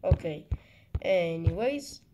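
A man from Turkey narrates a map animation in a relaxed, unhurried way. He rambles, jokes and corrects himself as he goes. Steady background noise and clicks run under the voice. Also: high voice. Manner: rambling, jokey, self-correcting. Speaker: mapping video narrator. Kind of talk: casual voice-over commentary on a map animation. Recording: noisy home recording with clicks.

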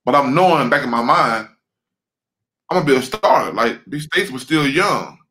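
Man on a video call, bright forceful voice, animated, swears a lot, repeats himself. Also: medium pitch, moderate pace, rough recording. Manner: animated, profane, repeats words. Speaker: guest, former pro football lineman. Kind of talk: casual storytelling interview over video call.

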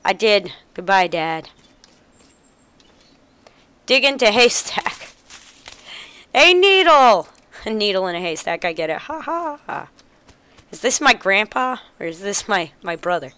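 A woman's voice: mid-range voice, lively intonation, measured pace, long pauses, fairly bright tone, clean tone. A woman playing a video game, reading the game text aloud and chuckling as she goes. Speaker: gamer. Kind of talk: let's play commentary.

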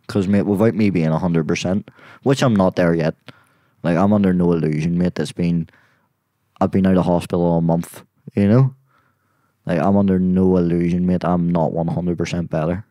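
Man, low voice, dry close sound, casual podcast guest, blunt and sweary, sudden loud outbursts. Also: steady tone, moderate pace, no echo. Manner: heavy swearing, constant "mate", sudden loud exclamations. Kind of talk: casual conversation.

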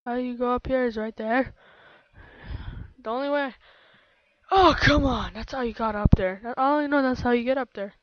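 A high-voiced woman narrates her game in an excitable, playful way, drifting now and then into baby talk while taking her time. She sits right on the microphone in a dry, dead-sounding space. The home recording is dull and lo-fi. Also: brisk, dry recording. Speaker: let's play gamer. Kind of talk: live gameplay commentary. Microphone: close microphone.

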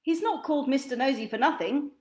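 A woman reading a children's picture book aloud in an expressive, sing-song storytelling manner. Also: sits high, fairly quick.

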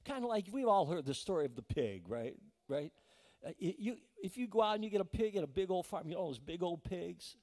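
A man's voice: fairly high pitch, darkish tone. A man preaching a sermon as pastor, telling folksy stories with restarts and frequent "right?" asides to the congregation. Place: church sanctuary. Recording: long church hall reverb.

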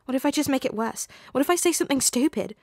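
A woman voicing an anxious teenage boy who rambles with worry, in a high, whining tone. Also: lively intonation, fast talker, darkish tone, no room sound, studio quality.

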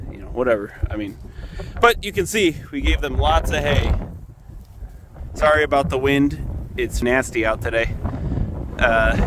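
A man casually talking through a farm vlog outdoors in the wind, rambling and self-deprecating as he films his animals on a handheld camera. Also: mid-range voice. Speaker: farmer filming his animals.

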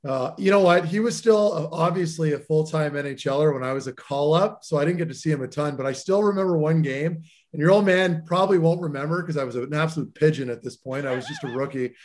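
A man in his thirties, a podcast co-host and former player, telling animated stories and asking questions. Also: fairly high pitch. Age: 30s. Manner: rapid, animated storytelling. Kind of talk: casual interview chat.

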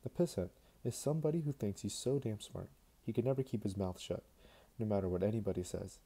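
A man's voice: fairly low pitch, fast talker, mellow, husky. A man reading a novel aloud, voicing a blunt, boisterous drunk middle-aged man who swears freely.

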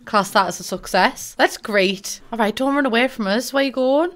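Young woman from middlesbrough rambling over a game, a bit high-pitched, giggly, swears a lot, teases herself. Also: moderate pace, hardly any pauses, a bit bright. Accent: Middlesbrough English. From England. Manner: chatty, giggly, swearing, self-mocking. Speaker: gaming YouTuber. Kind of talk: casual gameplay commentary.

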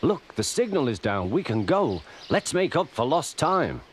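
A man doing a calm, kindly train guard. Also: medium pitch, a little slow, very noisy, voice pushed up. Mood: reassuring. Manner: calm, reassuring. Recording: loud music behind.

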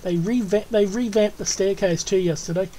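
A woman's voice: mid-range voice, moderate pace, mellow, a little hiss or hum, low-quality recording. An Australian woman hosting a gaming channel, chatting casually through her gameplay and coaxing the animals she tames in a cooing, friendly way.

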